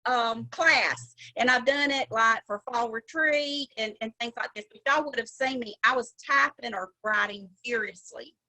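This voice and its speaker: A woman's voice: a little high, moderate pace, few pauses, bright, forceful tone, poor audio. A middle-aged woman with a Southern drawl, giving a chatty, folksy sales training talk on a video call. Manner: chatty, folksy, laughs often. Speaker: sales director.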